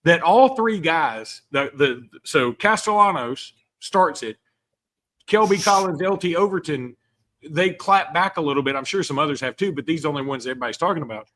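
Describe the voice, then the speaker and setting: A man co-hosting a sports podcast in casual chat, animated and quick with asides. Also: on the high side. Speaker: podcast co-host.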